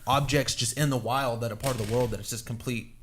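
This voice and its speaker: A man's voice: medium pitch, fairly even intonation, fast talker, slight background noise. A young man co-hosting a podcast, chatting enthusiastically and rambling about games. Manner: enthusiastic, rambling gamer talk. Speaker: podcast co-host. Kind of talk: casual chat.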